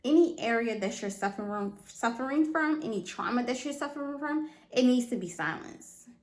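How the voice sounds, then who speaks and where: Fairly high-pitched and expressive, a female podcast host talks at normal speed in an echoey room. Her solo motivational episode is earnest and emphatic, with repeated phrases and frequent checks that listeners are following.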